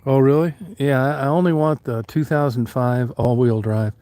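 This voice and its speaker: A man's voice: mid-range voice, fairly even intonation, normal speed, dark tone, no echo. A middle-aged man chatting casually outdoors beside an old van, plain-spoken and folksy with the odd curse. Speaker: vlogger. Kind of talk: casual chat. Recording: noisy outdoor recording with engine sounds. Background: vehicle and engine noise.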